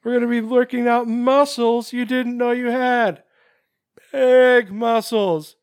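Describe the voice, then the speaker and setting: A man doing a high, slow, shouted voice of a boastful gym coach from a comedy film. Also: steady tone, clear, resonant tone, full character voice. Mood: pumped up. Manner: drawn-out, emphatic shouting.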